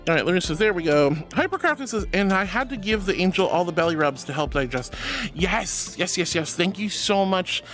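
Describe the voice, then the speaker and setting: A woman's voice: on the low side, expressive, fairly quick. Woman streamer, gushing, affectionate, giggly, music faint behind her. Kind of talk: casual stream chat reading viewer messages.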